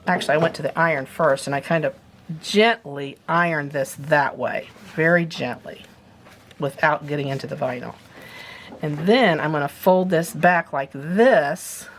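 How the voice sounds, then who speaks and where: Woman, sewing instructor, casual step-by-step demo, chatty, lowish voice, faint background hiss. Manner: chatty, explains step by step while handling materials.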